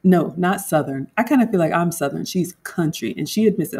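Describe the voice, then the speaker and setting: A woman's voice: lowish voice, expressive, fairly quick, darkish tone, husky. A woman home cook vlogger in casual livestream chat, talking straight to her viewers and laughing often.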